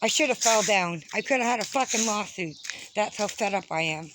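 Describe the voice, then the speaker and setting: A woman's voice: medium pitch, brisk, a bit bright. A woman vlogging outdoors with a handheld phone, walking around and ranting in a fed-up way, swearing often. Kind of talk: walking tour vlog, complaining. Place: outdoors around a house with birds. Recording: noisy outdoor phone recording.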